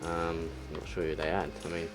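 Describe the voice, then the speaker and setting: A young man with a fairly low voice talks through his football video game match. He mutters, then breaks into exasperated outbursts. Soft game music plays faintly behind him. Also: little pitch movement, brisk. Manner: frustrated, exclamatory, swings between muttering and outbursts. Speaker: gaming YouTuber. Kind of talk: live gameplay commentary.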